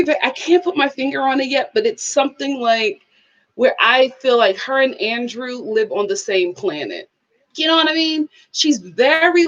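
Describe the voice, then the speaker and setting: Chatty woman reviewing TV, lively pitch. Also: dull audio. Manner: candid, chatty, bursts into laughter. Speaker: YouTube reviewer. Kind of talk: casual reality-show review.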